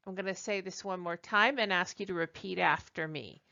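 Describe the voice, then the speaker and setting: A woman teaching a recorded French lesson, talking deliberately with frequent ums and uhs and modelling phrases for repetition. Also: on the low side, creaky, pushed and bright, dull audio.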